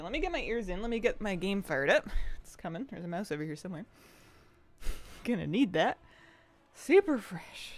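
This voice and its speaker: Chatty woman streamer, lively pitch. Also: no room sound. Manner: chatty, laughs often, lively rising and falling pitch. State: out of breath. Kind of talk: casual game stream chat. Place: home office.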